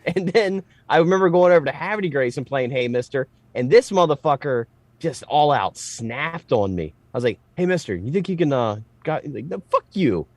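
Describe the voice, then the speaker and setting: Animated, swearing podcast co-host man. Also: a little high, moderate pace, no echo. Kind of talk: casual comedy podcast chat.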